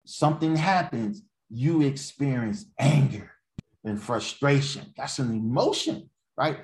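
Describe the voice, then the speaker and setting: Older man, preacher, sermon, restarts a lot, repeats himself, climbs to loud high-pitched shouting. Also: expressive, normal speed. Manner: conversational teaching that builds to loud, high-pitched exhortation; repetitive, stumbles and restarts, asks "right?".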